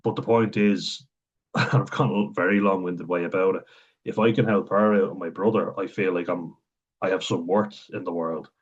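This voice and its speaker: Low-voiced Irish man, frank vlog. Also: fairly even intonation, normal speed, husky. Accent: Irish, Wexford. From Ireland. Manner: rambling, frank, swears freely, laughs between thoughts. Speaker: vlogger. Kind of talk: candid personal monologue. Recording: dull lo-fi sound.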